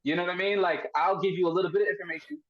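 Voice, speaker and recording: A man's voice: sits high, fairly even intonation, rapid-fire, lo-fi sound. A man hosting a podcast, asking long, probing questions in casual chat and often restarting his sentences. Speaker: podcast host.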